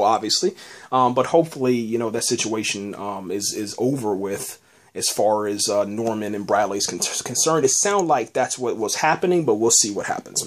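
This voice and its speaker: A man's voice: on the low side, slight background noise. A man hosting a casual solo podcast, reviewing a TV episode in a rambling way with lots of fillers, restarts and "man.".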